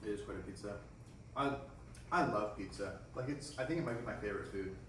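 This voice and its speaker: A young man with a lowish voice jokes easily between bites, dry and playful. He sounds distant in a very echoey room, with room noise clearly behind him. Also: brisk, a bit bright. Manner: easygoing, wry, laughs often. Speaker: co-host. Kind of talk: casual chat while taste-testing food.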